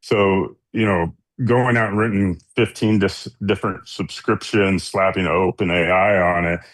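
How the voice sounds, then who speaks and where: A man, a founder guest on a radio show, speaking in a relaxed conversational way. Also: low voice, unhurried, no room sound. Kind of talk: casual interview talk.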